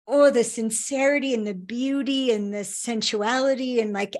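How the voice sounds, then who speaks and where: A woman's voice: mid-range voice, darkish tone. A middle-aged woman, a guest author in a conversational interview, telling her story earnestly and with emphasis.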